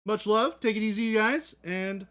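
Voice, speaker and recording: A man's voice: sits high, moderate pace, fairly bright tone, echoey room. A man hosting a live hobby stream, chatting casually and joking with the chat. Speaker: livestream host. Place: hobby studio.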